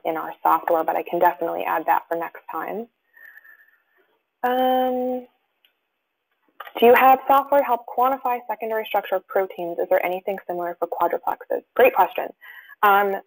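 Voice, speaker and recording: A woman's voice: fairly low pitch, gravelly, low-quality recording. A woman presenting a webinar, reading out audience questions and answering them, with many fillers and restarts. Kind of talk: live webinar Q&A.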